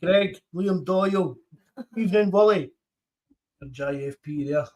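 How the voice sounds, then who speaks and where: A Scottish man hosts a podcast in an easy, chatty way, reading shout-outs from the live chat. His voice sits a little high for a man. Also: a little slow. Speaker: podcast host.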